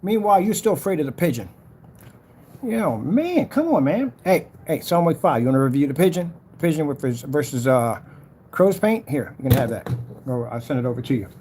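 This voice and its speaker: A man's voice: on the high side, very animated, a little fast, dark tone, a little hiss or hum. A man ranting casually to camera, boastful and challenging, repeating himself and daring rivals. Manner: trash-talking, challenging, repetitive. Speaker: vlogger selling projector screen paint.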